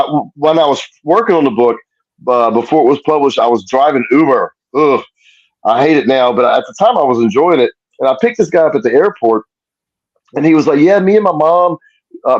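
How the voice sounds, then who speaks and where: A man's voice: medium pitch, no echo. Laid-back storytelling man. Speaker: guest. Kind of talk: casual chat. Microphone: earpiece on video call. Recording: dull lo-fi sound.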